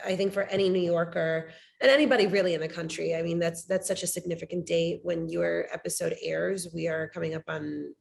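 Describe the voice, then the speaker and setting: A woman's voice: on the low side, steady tone, a little fast, gravelly, few pauses. A woman in her thirties hosting an interview podcast, talking in a conversational, reflective way. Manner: conversational, reflective, many fillers. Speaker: podcast host.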